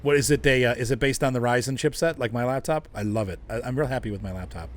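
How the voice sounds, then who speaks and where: A man's voice: mid-range voice, quick pace. A middle-aged man hosting a casual gaming livestream, chatting and chuckling as he talks to his viewers. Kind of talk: casual livestream chat while playing.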